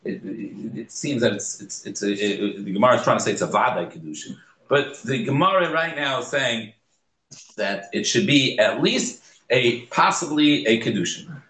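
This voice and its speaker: A man teaching a Talmud class in a lively manner, explaining passages and acting out examples. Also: mid-range voice, normal speed. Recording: echoey room.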